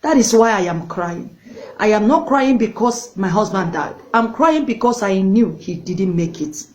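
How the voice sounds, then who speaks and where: A woman preacher voicing a grieving pastor's widow, speaking quietly through tears. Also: mid-range voice, lively intonation, a little slow, lightly acted. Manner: tearful, quiet.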